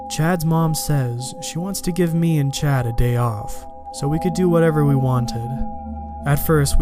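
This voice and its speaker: A man telling a first-person horror story in a steady, measured reading. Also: fairly high pitch. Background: music.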